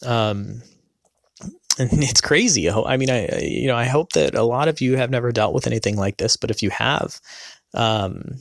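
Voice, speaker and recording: A man's voice: medium pitch, animated, normal speed, vocal fry, no room sound, studio quality. A man in his thirties telling a personal story to his audience, rambling, with many fillers and restarts. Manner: rambling, full of fillers and self-corrections.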